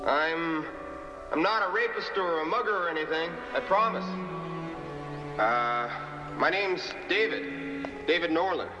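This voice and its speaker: A nervous but courteous young man who hesitates as he reassures someone. His voice sits a bit high, with long reverb and a clear film score behind it. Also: expressive, measured pace, long pauses, dull audio, over music. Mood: reassuring. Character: polite, nervous young man helping a stranger.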